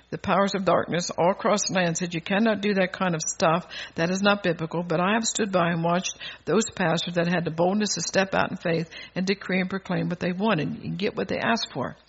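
A man's voice: sits high, gravelly, fairly bright tone, slightly rough. An older man preaching a sermon, bold and exhorting, chuckling between phrases, on a dull lo-fi recording.

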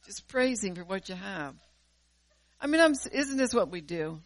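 Woman preacher, fervent, loud-to-quiet swings, repeats words, recorded dry and close. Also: medium pitch, sing-song, normal speed, dry recording. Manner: repeats words and restarts phrases while preaching. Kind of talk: sermon.

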